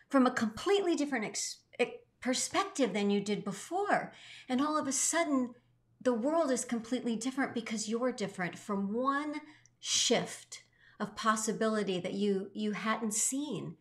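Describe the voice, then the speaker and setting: A woman's voice: lively intonation, unhurried. Emotional middle-aged woman telling a story from the heart, earnest, swoopy voice. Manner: earnest and emotional, with dramatic pitch swings. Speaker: co-host.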